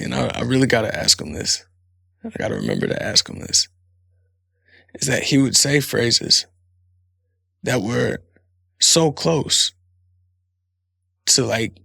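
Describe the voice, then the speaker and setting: A man's voice: medium pitch, creaky, bright, forceful tone, husky, no echo, clean studio sound. A man hosting a podcast in a casual comedic monologue, rambling and swearing freely, laughing often. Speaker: podcast host.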